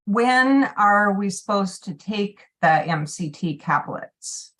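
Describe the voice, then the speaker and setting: A woman checks in with her support group over a video call. She talks slowly and politely, with a hesitant edge as she asks her question. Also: medium pitch, expressive, fairly bright tone.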